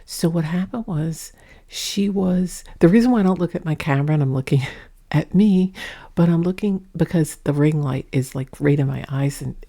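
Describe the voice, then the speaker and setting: A woman vlogger talking low and soft at home, rambling through a story in a casual way, with a mic in front of her. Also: creaky. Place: indoors at home, under a ring light. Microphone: mic set up in front of her.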